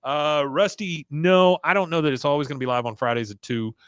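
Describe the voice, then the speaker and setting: A man's voice: a little high, a little fast, clean tone, no room sound, clean studio sound. A man hosting a podcast, casually recapping a cartoon episode, acting out quoted lines in put-on voices and laughing often. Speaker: podcast host.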